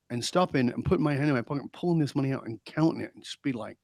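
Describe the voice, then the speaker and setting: Man, middle-aged, from England, interview guest, animated storyteller, acts out quotes, dry close sound. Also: medium pitch, racing, vocal fry, no echo. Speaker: podcast guest.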